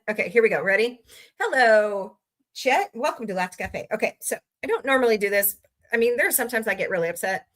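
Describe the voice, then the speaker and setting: Her voice sits in the mid range, pushed and bright, as she hosts a relaxed livestream. She calls out viewers by name, reads the live chat, and rants about entertainment news.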